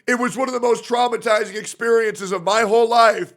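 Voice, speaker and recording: A man's voice: very high-pitched, steady tone, fairly quick, creaky, a bit bright. A man livestreaming, ranting in a profane, sarcastic way. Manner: profane, sarcastic, acts out mocking impressions. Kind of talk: livestream rant.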